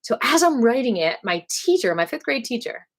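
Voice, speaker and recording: A woman singer telling rambling school stories on a casual live stream, animated and full of asides. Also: on the high side, a little fast, breathy edge. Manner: dramatic bursts when quoting herself.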